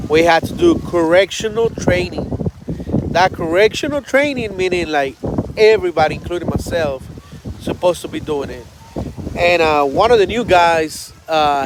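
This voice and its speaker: Army vet guy in his 30s, rambling stories w lots of cursing, kinda high voice, noisy bg. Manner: swears freely, loose storytelling with many fillers. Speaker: army veteran telling stories. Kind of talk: casual storytelling on a livestream.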